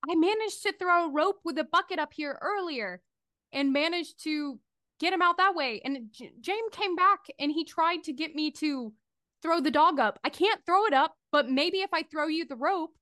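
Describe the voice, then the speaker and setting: A woman's voice: high voice, normal speed, fairly bright tone, no room sound, studio quality, voice pushed up. A woman voicing a frightened young woman trapped in a pit, who talks in an anxious, pleading way.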